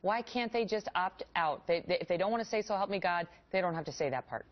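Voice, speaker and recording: A woman's voice: lowish voice, fast. A woman hosting a cable news interview who presses her guest with pointed, repeated questions. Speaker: news host. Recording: dull lo-fi broadcast audio.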